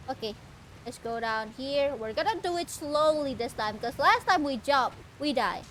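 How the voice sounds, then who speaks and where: Woman streaming a game, chatty, rambling, very high voice. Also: lively intonation, normal speed, fairly bright tone, slight background noise. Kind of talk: casual game commentary.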